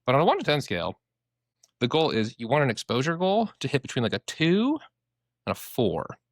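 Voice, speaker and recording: Fast-talking animated man, lively pitch. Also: no room sound, studio quality. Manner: animated, swears casually, acts out inner voices. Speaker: therapist, podcast co-host. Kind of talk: casual podcast explanation.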